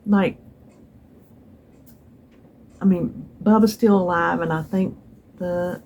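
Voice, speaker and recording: Speaking slowly with long pauses and fairly even intonation, this vlogger has a lowish, slightly mellow voice, with a bit of hiss or hum present. She's a middle-aged woman with a Southern US accent, sitting in a chair at home and rambling casually to her phone, trailing off, restarting, and adding wistful asides.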